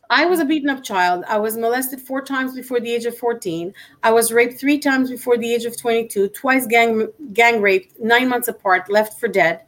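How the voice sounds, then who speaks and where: A woman, a motivational speaker and interview guest, telling her personal story in an animated, emphatic way and acting out the dialogue she recalls. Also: a little high. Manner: animated and emphatic, acts out quoted dialogue, frequent restarts.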